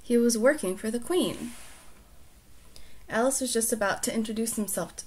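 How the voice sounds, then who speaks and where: A woman who reads a storybook aloud and then chats casually, soft-spoken and often dropping to near-whispers. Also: on the high side, moderate pace, slightly rough.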